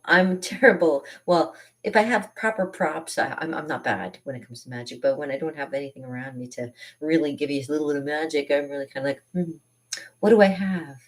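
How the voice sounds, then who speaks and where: A woman, a party artist, chatting casually on a live stream from her studio, rambling and laughing between phrases, with sudden jumps up in pitch when she gets excited.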